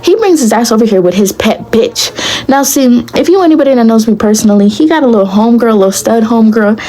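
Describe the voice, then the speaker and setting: Young woman, storytime vlog, blunt and profane, animated, warm mellow voice. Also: fairly high pitch, quick pace, poor audio. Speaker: vlogger.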